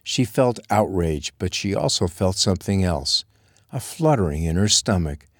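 A man reading a romance novel aloud as narrator, in a steady, measured way. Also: deep voice, breathy edge, no echo, clean studio sound. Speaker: audiobook narrator. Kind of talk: scripted narration.

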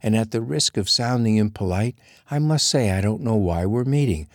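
Casting: male narrator doing a stiff, formal young schoolmarm woman, low voice, dead-dry room. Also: expressive, moderate pace, dry recording. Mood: prim, indignant. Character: prim proper young Boston schoolteacher woman.

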